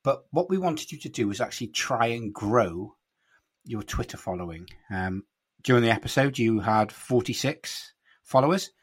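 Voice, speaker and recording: A man's voice: mid-range voice, expressive, moderate pace, husky. A man hosting a podcast, teasing and steering a casual chat. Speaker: podcast host.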